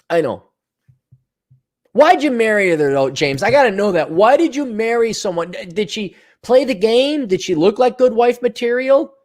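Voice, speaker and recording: A man's voice: sits high, expressive, measured pace. A man hosting a solo podcast, reading out listener donations and ranting in a sarcastic, profane way. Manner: mocking put-on voices in asides. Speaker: podcast host.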